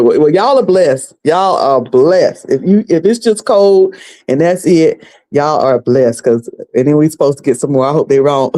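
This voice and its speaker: A woman's voice: medium pitch, dark tone. Chatty woman hosting a livestream. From North Carolina, US. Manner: rambling, chatty, repeats herself, laughs often. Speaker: livestream host. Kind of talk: casual livestream chat. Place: home, a noisy washing machine upstairs.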